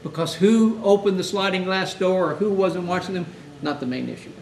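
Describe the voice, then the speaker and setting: A man's voice: high-pitched, animated, brisk. A man teaching hospital chaplains in a conversational lecture, often acting out exchanges with grieving families. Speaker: chaplain instructor. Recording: echoey room, mic far off, faint hiss.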